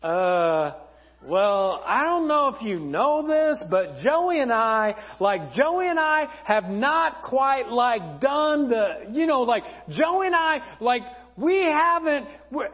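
A man's voice: extremely high pitch, unhurried, creaky, heavily acted. A man putting on a giddy young bride-to-be. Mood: flustered. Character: giddy young woman, bubbly and chatty. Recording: dull sound, long church reverb.

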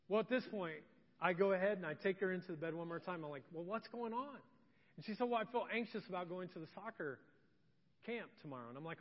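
A man's voice: sits high, expressive, brisk. A male pastor telling a family story in a sermon, animatedly acting out the dialogue. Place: church sanctuary. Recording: dull reverberant church recording.

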